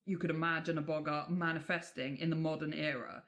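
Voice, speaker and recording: A woman's voice: low voice, flat delivery, brisk, fairly bright tone. A woman from England, a podcast co-host telling folklore tales in a chatty way with casual swearing and many fillers.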